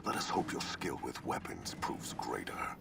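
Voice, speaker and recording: An actor playing a brutal, menacing warlord in a video game, speaking in a gravelly half-whisper. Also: male voice, rumbling low, wildly swooping pitch, a little slow, fairly bright tone, a little hiss or hum, full character voice. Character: brutal masked male warlord, menacing, older. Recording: game audio under music.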